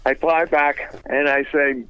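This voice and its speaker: A man telling a business story in a fast, animated, wisecracking way, laughing at his own punchlines. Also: a little high, clear, resonant tone, muffled recording. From United States.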